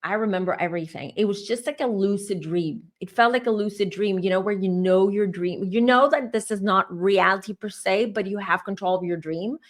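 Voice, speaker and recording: In a mid-range voice at a moderate pace with few pauses, a woman who reads tarot as a psychic chats to her viewers about a vision. She tells it casually, addressing the camera directly.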